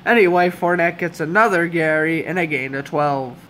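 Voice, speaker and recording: Young man, hoarse, sarcastic fan play-by-play, fairly high voice, faint hiss behind. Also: normal speed, pushed and bright. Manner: exasperated, sarcastic fan rants. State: hoarse, voice giving out. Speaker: amateur play-by-play commentator. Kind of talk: fan commentary over game footage.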